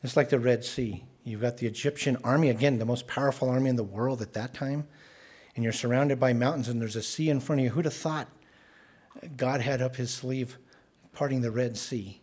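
A man's voice: medium pitch, fairly even intonation, brisk, a little mellow, husky. A man preaching a sermon in an earnest, conversational way, often restarting his words.

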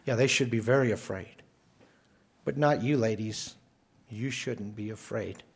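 A man's voice: lowish voice, measured pace, breathy edge. A man preaching a sermon as pastor, emphatic and often repeating his first words as he starts a phrase.

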